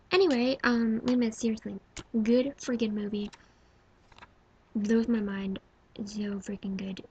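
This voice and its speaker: A woman in her twenties vlogging casually about her favorite movies. She gushes, swinging from loud exclaiming to hushed whispers. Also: fairly high pitch, creaky, a little hiss or hum, low-quality recording. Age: 20s. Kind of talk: casual movie-ranking vlog.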